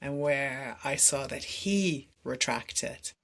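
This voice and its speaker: A woman's voice: very deep voice, slow pace, fairly bright tone. A woman who is a podcast guest and somatic coach, telling personal stories candidly and acting out her own dialogue with laughs between phrases.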